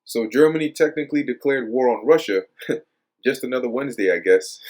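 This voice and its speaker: A man's voice: medium pitch, expressive, brisk, a little mellow. A man reading news quotes aloud and commenting on them in a casual religious style, with lots of hesitations and repeated words. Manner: many fillers and repeated words; reads quotes aloud then remarks on them.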